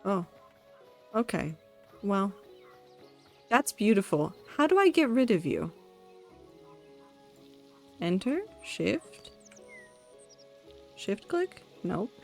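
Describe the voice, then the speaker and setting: This is a woman live-streaming as she builds in a game, talking half to herself and half to her chat. She gets excited and over-dramatic about small discoveries. Her voice sits in a middle range, with faint music playing behind her. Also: mid-range voice, extremely slow, creaky, long pauses. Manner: excitable, thinks aloud, talks to herself and chat.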